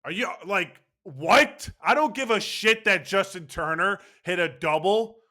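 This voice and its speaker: A man's voice: high voice, expressive, measured pace, pushed and bright. A man ranting angrily and sarcastically about his baseball team's loss, swearing as he goes. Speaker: baseball fan commentator. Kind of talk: ranting sports commentary.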